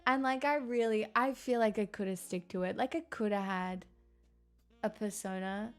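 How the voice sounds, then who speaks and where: A woman's voice: medium pitch, fairly even intonation, normal speed, soft background music. A woman who streams and chats with viewers. She talks in a candid, rambling way, swears, and laughs often. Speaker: live streamer reading chat. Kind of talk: casual chat.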